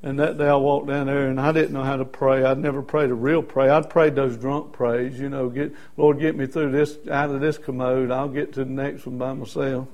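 A man preaching a sermon as a personal testimony, in a folksy way, going from soft, quiet stretches to loud shouted peaks. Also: medium pitch, flat delivery, moderate pace, few pauses.

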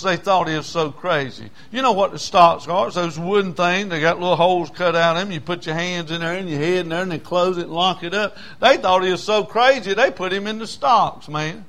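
A man preaching a sermon in a dramatic, folksy way, swinging between loud outbursts and low murmurs. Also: fairly quick, few pauses. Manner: folksy, with many fillers and restarts.

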